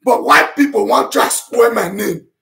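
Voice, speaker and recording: A man speaking Nigerian Pidgin English in an impassioned, repetitive monologue to his online audience, shouting and breaking into chanted vernacular as he rebuts accusations. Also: very high-pitched, measured pace, vocal fry. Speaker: self-styled prophet addressing his online audience.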